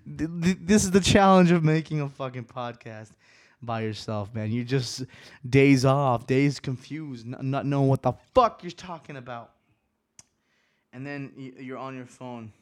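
A man in his twenties talking alone on his podcast, rambling and swearing, restarting sentences, swinging between quiet musing and riled-up ranting. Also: medium pitch, unhurried, no echo. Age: 20s. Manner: profane, rambling, restarts often. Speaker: solo podcaster.

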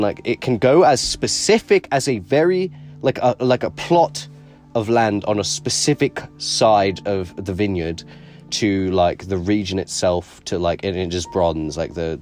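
A man's voice: sits low, a little mellow. A man co-hosting a podcast in casual chat, rambling and swearing a lot while putting on a British accent. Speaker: podcast co-host.

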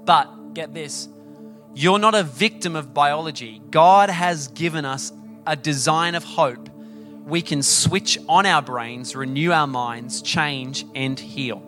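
Young Aussie male pastor, casual animated sermon delivery, bright and a touch high. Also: slow pace, soft background music. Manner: chatty storytelling, animated, many fillers. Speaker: preacher.

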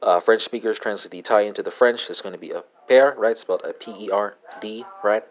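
Deep-voiced man with halting delivery. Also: muffled recording. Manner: halting, many uh fillers and tag "right?"; spells words letter by letter. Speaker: podcast host. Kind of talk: language lesson monologue.

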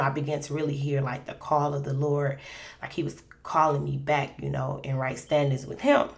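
Woman host, low and gravelly, chatty faith-podcast storyteller who rambles with lots of fillers. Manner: rambling, conversational, many fillers.

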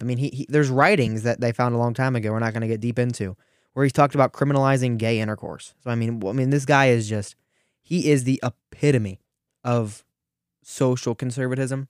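A man's voice: medium pitch, clean tone, no room sound, clean studio sound. Teenage man hosting a sarcastic political rant. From Ohio, US. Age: teens. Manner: animated, sarcastic, with frequent restarts. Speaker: radio show host.

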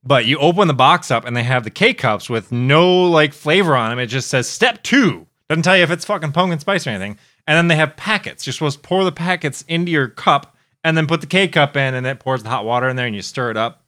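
A man's voice: fairly high pitch, expressive, brisk, pushed and bright. A young man co-hosting a podcast, telling casual stories full of swearing and jokes. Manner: swearing, joking storyteller. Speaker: podcast co-host. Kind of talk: casual chat. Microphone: mic held sideways.

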